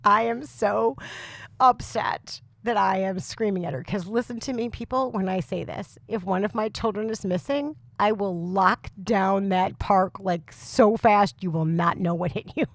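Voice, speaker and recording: A woman in her thirties or forties with a very loud voice, co-hosting a podcast and telling a comic story with lots of laughs and exasperation. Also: medium pitch, unhurried, no echo, clean studio sound. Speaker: podcast co-host. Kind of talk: casual chat, comic storytelling.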